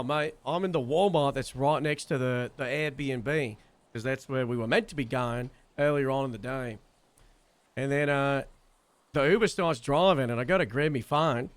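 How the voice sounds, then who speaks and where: A young man, telling a long story in casual chat, animated and swearing freely. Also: medium pitch. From Wales. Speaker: streamer.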